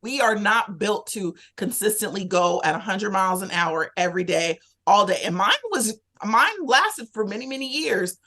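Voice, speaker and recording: A woman speaks as a podcast guest, her voice sitting at a middle pitch. She retells a personal story in a candid, conversational way and acts out her own thoughts with lively energy. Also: moderate pace, hardly any pauses.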